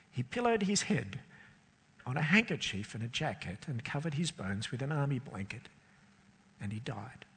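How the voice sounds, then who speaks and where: A man reads a story aloud dramatically and with deep emotion, lingering in slow pauses and letting his voice sink during sad moments. His tone is husky and slightly breathy, with long reverb trailing each phrase as if in a large hall.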